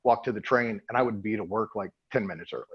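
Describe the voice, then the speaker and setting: A man hosting a casual podcast interview, laughing often and trading quick asides. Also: lowish voice, breathy edge, highs cut off. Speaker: podcast host.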